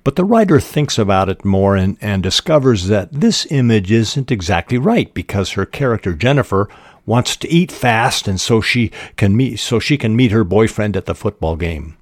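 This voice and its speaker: A man hosting a fiction-writing podcast who explains craft in a measured, deliberate way, pausing often on "uh". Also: on the low side, animated, no echo, studio quality. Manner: measured and deliberate, with frequent "uh" pauses. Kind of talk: instructional podcast talk.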